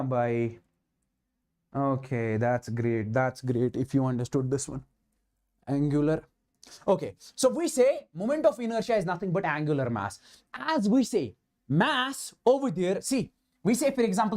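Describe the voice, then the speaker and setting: A man's voice: on the high side, a little mellow. Emphatic Indian-accented male physics teacher. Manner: emphatic, keeps asking "understand?" and repeating himself; mixes Hindi words into English. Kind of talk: live online lecture.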